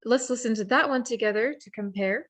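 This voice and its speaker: A woman's voice: a little high, fairly quick, fairly bright tone. A woman presenting an online workshop, explaining how to identify warblers by sight and song in a friendly, explanatory way with small restarts. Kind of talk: virtual bird identification lesson. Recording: virtual program audio.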